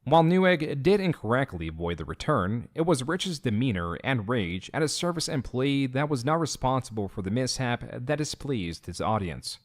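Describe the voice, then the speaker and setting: A man reading scripted documentary narration in a measured, critical, even delivery. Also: mid-range voice. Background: faint background music.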